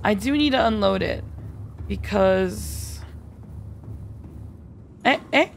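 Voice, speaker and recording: A woman's voice: medium pitch, slow, vocal fry, faint music behind. A woman streaming a game live, chatty and giggly, thinking aloud and answering viewer chat. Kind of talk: live gameplay commentary.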